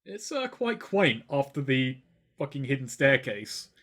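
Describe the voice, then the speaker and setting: Man, game master, casual narration, mid pitch, rambling. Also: big pitch swings, unhurried, fairly bright tone. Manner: loose, rambling narration with fillers.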